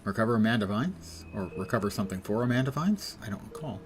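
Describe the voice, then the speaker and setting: A man's voice: fairly low pitch, animated, quick pace, a little hiss or hum. A man streaming a game live, chatting and joking casually with his viewers.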